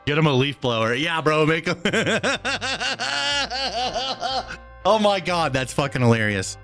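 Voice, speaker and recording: A man's voice: on the high side, very animated, slow pace, pushed and bright, soft background music. A man hosting a live stream, casually reading and answering his chat with easy chuckles. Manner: laid-back, chuckling, talks to chat.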